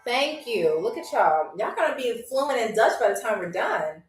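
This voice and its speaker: An upbeat woman with a high voice hosts a live-streamed trivia game, chatting with her viewers and drawing out each word she teaches. She sounds a little distant from the mic in a roomy space. Faint music plays underneath. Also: big pitch swings, moderate pace. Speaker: livestream game show host.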